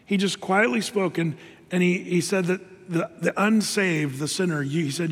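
A man's voice: sits high, normal speed. A man preaching a sermon in a loose, conversational way, full of fillers and restarts. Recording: long hall reverb.

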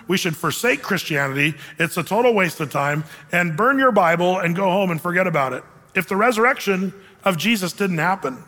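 Pastor guy preaching, bright forceful voice, lots of echo like a big hall. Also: high-pitched. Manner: emphatic, conversational preaching with acted-out quotes. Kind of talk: sermon.

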